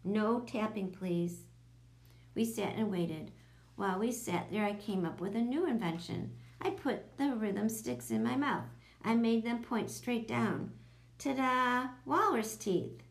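Woman narrator for a children's audiobook, lively and expressive. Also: on the high side, unhurried, gravelly.

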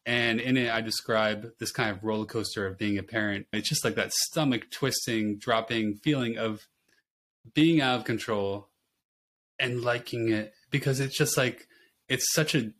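A man, a nurse and father, guesting on a podcast and telling parenting stories in an animated, laughing way. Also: mid-range voice, moderate pace. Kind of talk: casual conversational interview.

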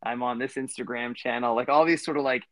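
Guy in his 30s rambling thru a story on a podcast, mid pitch, dry close sound. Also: steady tone, fast, no room sound. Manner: rambling, many fillers and restarts. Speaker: podcast co-host. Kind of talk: casual storytelling chat.

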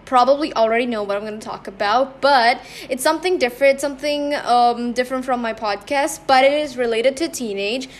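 A woman's voice: on the high side, a little hiss or hum. A young woman hosting her own podcast, chatting casually with lots of fillers and restarts. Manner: rambling, many fillers and restarts. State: slightly out of breath. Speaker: podcast host. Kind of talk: casual chat.

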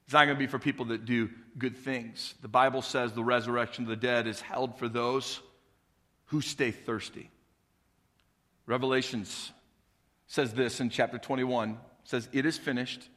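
A male pastor preaches a fervent sermon in a church auditorium, his fervor rising as he poses call-and-response questions to the congregation. His mid-range voice is a bit bright, with little pitch movement, a moderate pace, and a long reverb tail.

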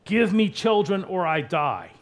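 A man's voice: medium pitch, expressive, a little slow. A man preacher voicing a desperate, envious young biblical wife in an urgent, pleading tone.

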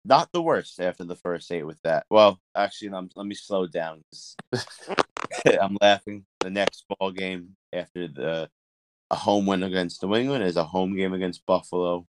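Low-voiced laughing sports podcaster man. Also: normal speed, dry recording. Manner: animated, laughs often, restarts sentences. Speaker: podcast co-host. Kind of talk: casual sports chat.

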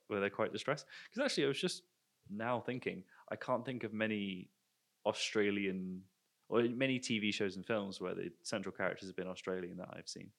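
A man's voice: on the low side, gravelly, a bit bright. A man in a casual film discussion who floats his theories with self-mocking laughter.

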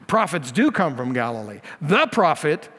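A man's voice: on the high side, big pitch swings, moderate pace, fairly bright tone, husky. A man preaching as lead pastor, working through scripture in a plain, conversational way in a church sanctuary. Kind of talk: expository sermon. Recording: long hall reverb.

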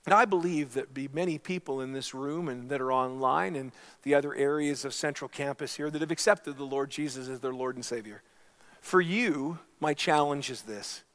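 A man's voice: mid-range voice, fairly bright tone. A man preaching a sermon as pastor, telling a story and making earnest appeals to his congregation.

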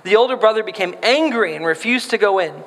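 A man's voice: high-pitched, animated, brisk, a bit bright. A man preaching a sermon, reading scripture and then talking casually and playfully, acting out voices in the quotes. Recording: long hall reverb.

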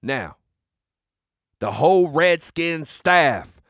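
A man hosting a sports podcast, delivering comedic, mocking trash talk with sudden shouted bursts. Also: on the high side, lively intonation, extremely slow, dry recording, studio quality.

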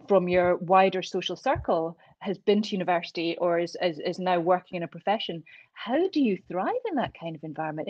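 A woman's voice: lowish voice, no room sound, dull audio. Laughing middle-aged Scottish woman. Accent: Scottish, Glasgow area. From Scotland. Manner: animated storyteller, laughs often. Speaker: guest. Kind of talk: casual conversation.

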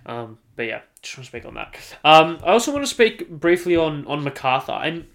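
A man's voice: a little high, very animated, brisk, creaky, fairly bright tone. Emphatic Australian man ranting. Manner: emphatic, repeats himself, swears freely. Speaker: podcast host. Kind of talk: solo sports podcast rant.

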